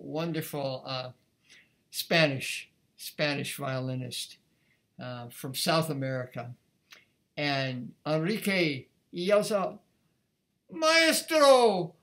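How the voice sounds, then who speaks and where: A violin teacher with a slightly high, somewhat bright voice gives a music lesson, speaking casually and thinking aloud between passages in a conversational way as he plays. Faint violin playing sits in the background.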